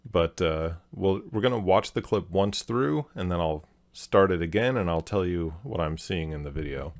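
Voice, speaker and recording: A man hosting a video, calmly analyzing a clip and explaining each point step by step. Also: deep voice, moderate pace. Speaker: host, body language analyst.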